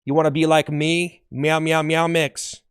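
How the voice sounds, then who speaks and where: A man voicing a cocky, muscular male cat at the gym who brags loudly and meows in an improvised sketch. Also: fairly high pitch, little pitch movement, measured pace, clear, resonant tone, no room sound, studio quality, lightly acted. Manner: loud, bragging, meowing.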